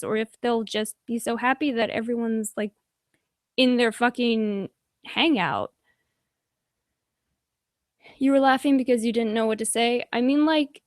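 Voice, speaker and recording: A woman streams casual commentary into a desk mic, her voice sitting a little high. She talks slowly and rambles, swearing freely and sighing between thoughts. The sound is dry, with no room echo. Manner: profane, rambling, many "like"s and sighs. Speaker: YouTube livestream commentator reading chat. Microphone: desk microphone.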